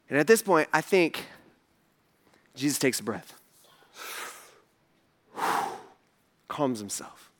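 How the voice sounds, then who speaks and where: A man's voice: fairly high pitch, fairly bright tone. A man preaching a sermon in a conversational way, asking the audience questions and building to emphatic passages. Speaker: pastor.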